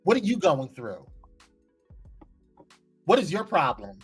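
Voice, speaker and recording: Animated man hosting a gossip show. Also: high-pitched, normal speed, long pauses, husky, soft background music. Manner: animated, playful, teasing, chatty with frequent laughs. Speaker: live morning show host. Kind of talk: casual gossip chat, reading viewer comments live.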